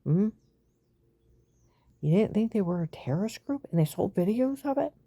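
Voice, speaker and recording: Gravelly, husky-voiced woman ranting. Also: animated, moderate pace, no echo. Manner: agitated, swings between loud outbursts and low whispers. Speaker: vlogger. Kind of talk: rambling monologue to camera.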